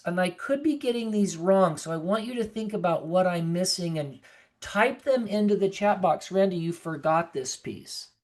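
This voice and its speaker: This nurse practitioner's voice is medium-pitched and a little mellow. In an earnest, conversational online presentation for caregivers over a video call, she sometimes acts out the voices of people she quotes.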